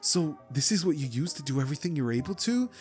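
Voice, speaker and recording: A man voicing a cheerful, friendly young woman inventor, pitching his voice up at times. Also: big pitch swings, quick pace, faint music behind. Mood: amazed.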